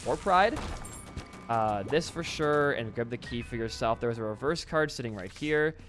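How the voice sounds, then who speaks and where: A young man casually commentating his own gameplay, excitable and swearing freely as he talks at the game. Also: medium pitch, moderate pace, soft background music. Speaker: gaming channel host.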